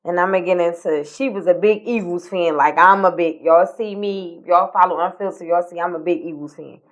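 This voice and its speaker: A woman, co-hosting a podcast, telling a personal story in casual talk, by turns animated and tearful, dropping to near-whispers. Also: lowish voice, a little fast. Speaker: podcast co-host.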